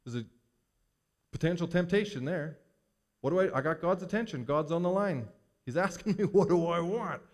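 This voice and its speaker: A man's voice: fairly high pitch, lively intonation, moderate pace, pauses often. A man preaching a sermon to his congregation, using rhetorical questions and acting out the words of Bible figures in short quoted lines. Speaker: pastor.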